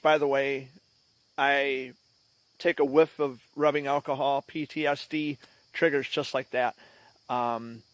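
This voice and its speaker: A man with a somewhat high voice tells a memory in a relaxed, reflective way, as though chatting with the viewer. The sound is close and dry, with no room echo. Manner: reflective, conversational. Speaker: vlogger. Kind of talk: casual storytelling.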